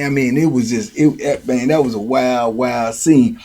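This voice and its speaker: A man telling a story in a casual, animated way, full of slang and repeated phrases. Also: mid-range voice, normal speed, few pauses. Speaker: storyteller host.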